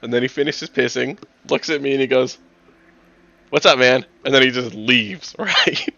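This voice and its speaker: Gravelly young man telling a profane story. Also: medium pitch, moderate pace, sharp tone, no room sound, muffled recording. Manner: profane, laughing anecdote-teller. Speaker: tabletop game player. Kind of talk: casual storytelling chat.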